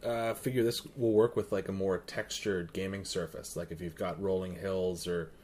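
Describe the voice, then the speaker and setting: A man's voice: low-pitched, steady tone, normal speed, heavy background noise. A man co-hosting a podcast in casual chat, playful and enthusiastic. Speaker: podcast co-host.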